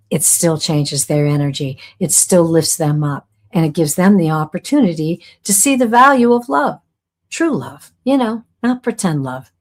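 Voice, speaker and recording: Earnest middle-aged woman, lower-pitched. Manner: warm, earnest, rambling, with soft laughs and lively pitch swings. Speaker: psychic medium hosting a live class. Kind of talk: live-streamed casual teaching, reading viewer comments.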